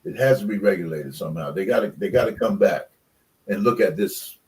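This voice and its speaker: With a low, darkish voice and a brisk pace, an older man who played college football speaks as a radio guest in casual conversation. He rambles with many fillers, stressing his points passionately when talking about commitment, and is recorded from a distance.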